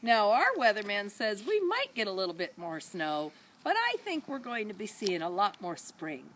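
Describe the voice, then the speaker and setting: A woman reading a storybook aloud for children, animated, with high voices for each animal. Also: moderate pace, a little hiss or hum. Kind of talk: read-aloud storybook narration.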